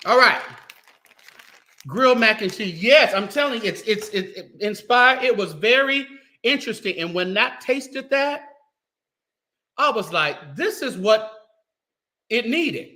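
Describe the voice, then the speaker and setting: A man chats casually to his viewers while cooking in his home kitchen. His voice sits high and comes across bright and forceful. Now and then he drifts away from the mic as he works. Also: animated, measured pace, long pauses. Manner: chatty, talks straight to viewers while cooking. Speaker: cooking livestream host.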